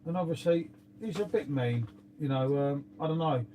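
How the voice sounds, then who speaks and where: Middle-aged man, London accent, rambling livestream chat, swears a lot, slightly high voice. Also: moderate pace, warm tone, a little hiss or hum. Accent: London English. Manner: rambling, swears, frequent "mate" and tag questions. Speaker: livestream host. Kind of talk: casual chat to live viewers.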